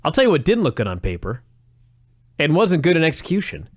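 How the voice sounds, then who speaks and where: An animated man co-hosting a podcast, talking over old wrestling shows with a sarcastic edge and frequent laughs. His pitch sits a little high and swings widely, and the sound is dry and close with no room echo. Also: fairly quick. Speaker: podcast co-host. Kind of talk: casual chat reviewing old wrestling.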